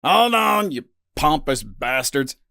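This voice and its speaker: A grizzled human colonist drawls jeers over a radio link, as a male narrator voices him. The voice is gruff and gravelly, slow and unhurried. He sounds utterly unimpressed. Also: a little high, sing-song, bright, forceful tone, exaggerated voice. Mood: mocking.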